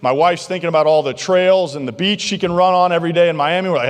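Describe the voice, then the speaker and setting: Guy giving a keynote, fairly high voice, animated and jokey, long echo off a big banquet hall. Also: brisk. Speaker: keynote speaker. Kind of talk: motivational keynote storytelling. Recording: long reverb of a large hall.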